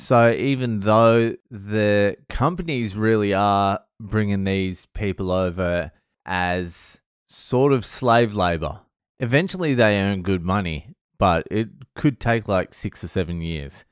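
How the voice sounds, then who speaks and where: A middle-aged Australian man talks straight into the mic in a low, smooth voice, blunt and swearing freely as he rambles through a story. The sound is dry and close, with no room around it. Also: slow, dry recording. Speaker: vlogger. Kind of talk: casual monologue vlog.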